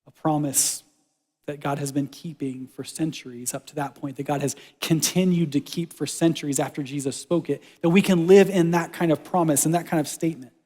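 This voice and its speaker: Animated preacher man in reverberant church. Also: fairly high pitch, brisk. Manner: conversational, animated, drops to soft quiet lines for God's words. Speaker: pastor. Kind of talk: sermon. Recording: church hall with long reverb.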